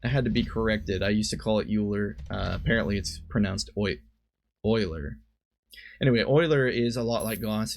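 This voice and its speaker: A man with a fairly low, creaky voice, a streamer and commentator, casually narrates a card game. He thinks aloud and frequently stops to correct himself.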